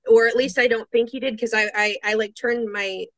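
A woman's voice: on the high side, brisk, dry recording. A woman guest in a casual interview, telling a personal story and acting out her own thoughts. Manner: animated storytelling, quoting herself, laughing, restarts.

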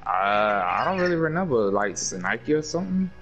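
A man chatting casually with a teammate while playing a shooter game, in relaxed, colloquial speech. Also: mid-range voice, normal speed, lo-fi sound, over music. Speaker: gamer.

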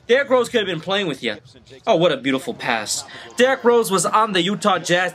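A man hosting a reaction video, talking live over sports highlights, excitable and slangy, yelling at the players on screen. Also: fast. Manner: slangy street talk. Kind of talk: live reaction commentary while watching highlights.

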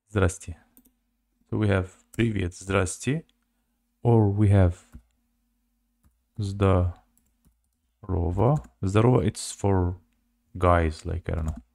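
Slow, halting man teaching a language. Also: deep voice, creaky, darkish tone, no echo. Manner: halting, many fillers, repeats words slowly. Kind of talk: casual language lesson.

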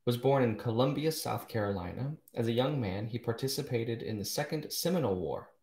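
A man's voice: medium pitch, animated, fairly quick, a little mellow. A man hosting a live poetry show, chatting casually with wry asides and self-corrections. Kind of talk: casual live-stream reading and chat. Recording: echoey room.

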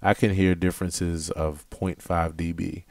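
A man, a music producer, talking through a mixing tutorial in a relaxed, explanatory way, thinking aloud as he works. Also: sits low, a little slow, creaky, no echo. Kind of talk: casual screen-recorded tutorial. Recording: music tracks playing behind. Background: music playback.

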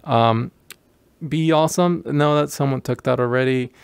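A man's voice: mid-range voice, normal speed, vocal fry, clean tone, no room sound, studio quality. A middle-aged man hosting a VR video, rambling casually through his sign-off with many restarts and self-deprecating asides. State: out of breath from moving around. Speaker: VR video host.

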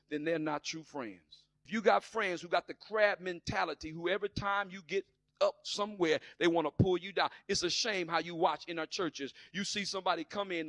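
A man preaching with fire in a high, bright voice that has a gravelly rasp. He swings from soaring near-shouts down to quiet, confiding asides and slips into sassy voices for the doubters. The sound is close and dry. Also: no echo. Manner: plays skeptics in sassy put-on voices. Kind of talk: sermon.

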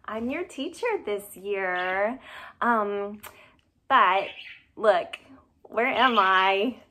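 A woman preschool teacher at home, talking to young children in an animated, questioning way. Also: mid-range voice, very slow. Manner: animated and questioning, exaggerated for kids. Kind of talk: addressing young children in a video. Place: her home, indoors.

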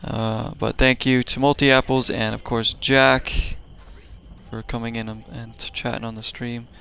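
Chill guy streamer talking over his game, kinda gravelly, rambly and easygoing. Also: mid-range voice, little pitch movement, a little slow, a bit bright. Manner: laid-back, chatty, trailing off with fillers. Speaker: gaming streamer. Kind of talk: casual live-stream game commentary.

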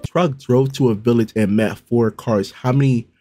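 A young man streaming a casual live reaction, talking loud and profane and breaking into sudden shouts. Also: medium pitch, moderate pace, soft background music. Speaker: streamer reacting to a riddle video.

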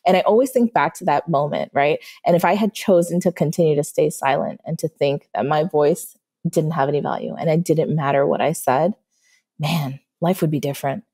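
Woman coach on a podcast, low mellow voice, chatty, keeps saying right?. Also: a little fast, husky. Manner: animated storytelling, frequent "right?" check-ins. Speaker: manifestation coach. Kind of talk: podcast guest interview.

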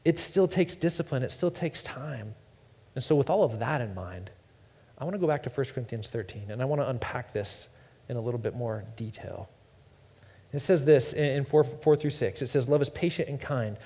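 Pastor preaching in a reverberant church. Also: male voice, mid-range voice, animated, moderate pace, warm tone, breathy edge. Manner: casual storytelling, repeats words, self-deprecating. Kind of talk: sermon. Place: church sanctuary. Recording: long reverb in a church hall.

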